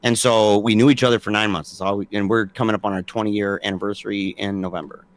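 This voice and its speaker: A man's voice: lowish voice, steady tone, quick pace. A man in his forties, a podcast guest telling stories casually and acting out quoted dialogue with animation. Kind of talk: casual storytelling conversation.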